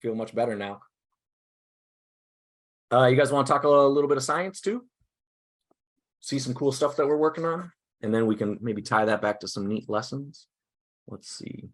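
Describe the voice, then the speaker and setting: Upbeat man presenting over a video call. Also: mid-range voice. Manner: upbeat, halting, self-deprecating. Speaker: presenter at a teacher workshop. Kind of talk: casual online workshop talk. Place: indoors at a desk.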